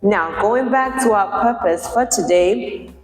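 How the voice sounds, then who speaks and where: Slow, patient woman teaching pronunciation. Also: medium pitch. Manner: patient, repeats words slowly to model sounds. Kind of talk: slow, deliberate lesson explanation. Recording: echoey room with long reverb, faint music.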